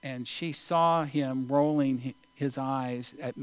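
A male preacher giving a sermon, telling a story in an unhurried, deliberate way with pauses. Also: medium pitch, fairly even intonation, a bit bright, clean tone, dry recording.

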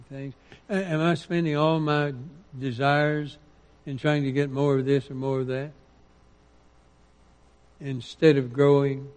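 A man preaching a sermon, quoting scripture with rising emphasis and dropping into quiet asides. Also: medium pitch, long reverb tail.

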